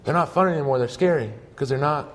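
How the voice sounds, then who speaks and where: A man's voice: a little high, fast talker. A man preaching a sermon, telling stories earnestly in short emphatic phrases.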